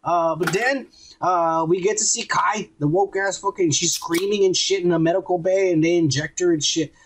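A man hosting a podcast in casual chat, retelling scenes in a profane, animated way. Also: high-pitched, moderate pace, a little hiss or hum, low-quality recording. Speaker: podcast host.

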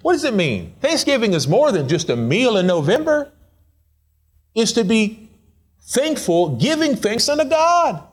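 A male pastor preaching a casual, playful sermon, swinging between excited high asides and low quiet remarks. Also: a little slow, pauses often, breathy edge.

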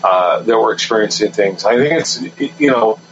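A man's voice: on the low side, normal speed. A man on a radio talk show, eagerly rattling off historical dates and mimicking what other people tell him. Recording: dull lo-fi radio broadcast with light noise.

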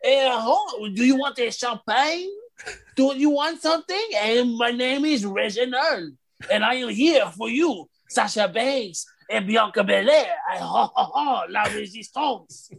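A man's voice: very high voice, expressive, unhurried, vocal fry, fairly bright tone, exaggerated voice. A man putting on an exaggerated fake French accent, playing a fawning male waiter in a mocking bit.

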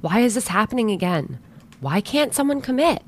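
A woman reading a scripted sponsor message with an expressive delivery. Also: on the high side, normal speed. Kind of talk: read sponsor ad.

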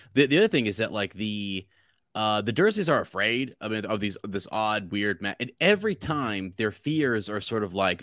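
Male co-host, lowish pitch, relaxed halting chat with many restarts, dry close sound. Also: dry recording. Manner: hesitant, frequent restarts. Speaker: podcast co-host. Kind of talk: casual chat.

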